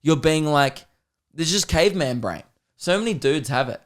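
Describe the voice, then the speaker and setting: A man with an Australian accent, a comedian hosting a podcast, telling stories in a casual, rambling, animated way. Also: a little high, normal speed. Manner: rambling, animated, slips into voices.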